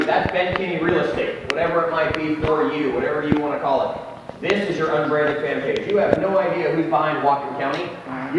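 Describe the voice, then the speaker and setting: A man presenting a live seminar to an audience in a conference room, joking and speaking to the crowd directly. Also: on the high side. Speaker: real estate tech seminar presenter. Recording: echoey hall from far off, faint noise.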